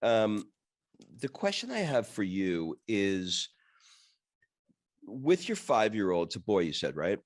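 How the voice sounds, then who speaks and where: A man in his fifties with a very deep voice hosts the interview. He asks his questions haltingly and thoughtfully, restarting often, and the sound is dry and close. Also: big pitch swings, no room sound. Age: 50s. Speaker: podcast host.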